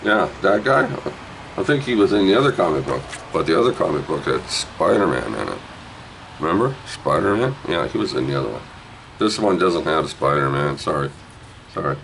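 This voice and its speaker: Low-voiced man hawking a comic book. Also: big pitch swings, moderate pace, gravelly, slight background noise, poor audio. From Canada. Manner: jokey, rambling, swings from low mutters to loud hype. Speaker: vlogger auctioning a comic book. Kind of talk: rambling casual sales pitch.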